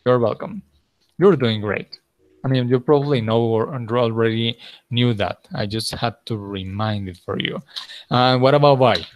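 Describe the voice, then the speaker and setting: A man's voice: medium pitch, normal speed, dull audio. A man with a Colombian Spanish accent and Spanish as his first language, patiently teaching English grammar step by step in an online lesson. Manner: patient, explains step by step, switches to Spanish to clarify.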